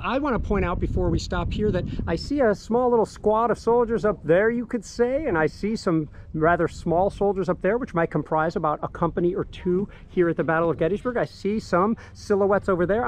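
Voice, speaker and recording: A man's voice: high-pitched, slight background noise. A man leading an outdoor walking tour on a hillside, eagerly pointing out the sights, recorded on a body-worn action camera. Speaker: battlefield tour guide.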